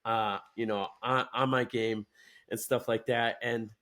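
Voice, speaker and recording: A man's voice: mid-range voice, steady tone, measured pace, a bit bright. A young adult man, a guest in a chat, speaking hesitantly with many restarts and fillers. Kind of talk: casual chat.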